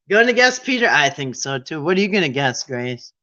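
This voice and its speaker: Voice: mid-range voice, sharp tone, lo-fi sound. A quiz game host in casual, playful chat, with irreverent, sarcastic asides.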